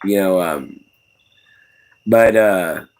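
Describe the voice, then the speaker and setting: A man's voice: low voice, extremely slow, darkish tone. A young man with a Southern US accent, chatting in a rambling, folksy way on a livestream and chuckling as he answers the chat. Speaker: livestream host.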